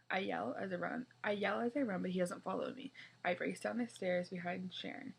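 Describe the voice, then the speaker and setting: Lady reading a kids book out loud, gravelly husky voice, casual, fixes her slips. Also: lowish voice, fairly even intonation, a little fast. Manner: casual, stumbles and corrects herself. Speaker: reader. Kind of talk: reading a children's book aloud.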